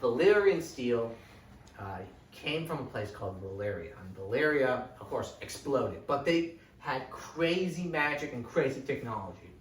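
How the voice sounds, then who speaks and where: A young man giving a casual, rambling book recap, animated and full of "like" and "right?". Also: mid-range voice, a little slow, slight background noise. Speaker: lecturer. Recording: echoey room, distant mic.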